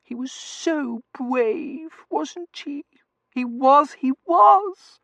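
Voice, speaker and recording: A man's voice: very high-pitched, expressive, very slow, creaky, a bit bright, no room sound, voice pushed up, heavily acted. A man voicing a gushing young Victorian woman who coos and dotes. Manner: cooing, doting.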